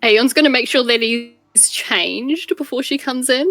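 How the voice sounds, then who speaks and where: A woman's voice: high-pitched, a little slow, fairly bright tone, no room sound. A woman player chatting playfully and giggling during a tabletop game over voice chat.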